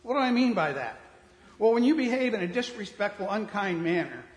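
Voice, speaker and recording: Blunt preacher in an echoing hall. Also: male voice, high voice, expressive, fairly quick. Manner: blunt, conversational preaching that swings from soft to loud. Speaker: pastor. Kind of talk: sermon. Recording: reverberant hall.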